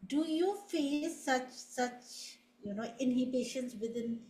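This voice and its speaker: Woman, slightly high voice, slow halting questioner on a call, echoey room. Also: darkish tone. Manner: hesitant, with many fillers. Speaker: panel participant. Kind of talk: asking a question in a panel.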